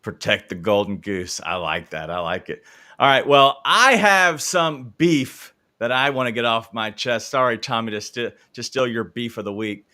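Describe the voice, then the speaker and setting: Man from memphis, sports show co-host, casual conversational, bright lively tone. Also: mid-range voice, moderate pace. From Memphis, Tennessee. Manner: conversational, steering questions, aggrieved opinions.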